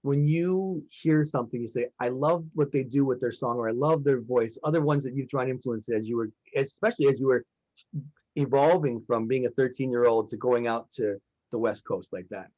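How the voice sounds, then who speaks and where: A man's voice: mid-range voice, normal speed, darkish tone. A man interviewing a songwriter, chatty and enthusiastic, with many fillers. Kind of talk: casual interview talk. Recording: dry, dull lo-fi sound.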